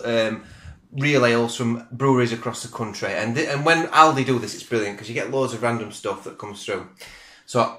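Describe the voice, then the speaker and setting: A man's voice: medium pitch, bright, forceful tone. A middle-aged man, reviewing beer in a chatty, rambling, self-deprecating way, recorded at home on a camera mic. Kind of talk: casual video review. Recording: roomy home room echo.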